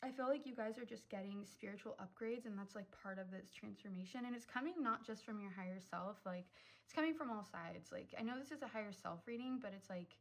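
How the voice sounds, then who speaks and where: A woman's voice: medium pitch, a little fast, creaky, few pauses, rough recording. Chatty young woman giving a tarot reading. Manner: chatty, full of "um" and "like", emotional and effusive. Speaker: tarot reader. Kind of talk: casual pick-a-card tarot reading.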